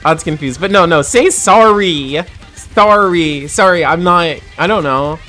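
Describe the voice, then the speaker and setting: A woman's voice: lowish voice, unhurried, a bit bright, faint music behind. A woman from New Jersey with a New Jersey accent, a little tipsy, chatting casually on a livestream, laughing often and swearing freely.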